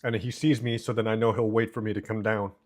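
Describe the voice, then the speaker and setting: Eating while he streams from home, a man chats casually and reads chat aloud into a noise-cancelling desk mic. His voice is lowish and a little mellow, with a level tone and a fast pace.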